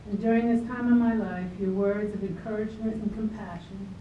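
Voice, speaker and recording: A woman's voice: mid-range voice, steady tone, a little fast, a little hiss or hum. A woman giving a eulogy at a memorial, reading a prepared speech in an earnest, grateful and slightly nervous way to a crowd in a club hall. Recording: roomy, distant, dull amateur video.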